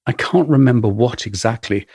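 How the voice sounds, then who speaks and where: A man with an English accent narrates his own memoir in a wry, measured storytelling manner. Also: mid-range voice, a little mellow, husky, no room sound, studio quality. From England. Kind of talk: first-person memoir narration.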